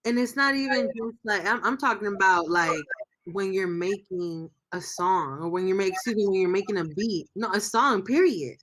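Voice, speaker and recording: A woman's voice: mid-range voice, normal speed, a bit bright. Emotional rambling woman guest. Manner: emotional, rambling, searching for words. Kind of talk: casual livestream interview.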